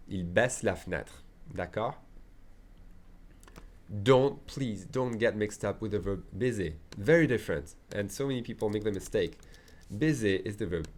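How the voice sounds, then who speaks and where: A man teaching a beginners' French lesson in English with a French accent, lively and often checking in with "ok?" and "d'accord?". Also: on the low side. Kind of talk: language lesson.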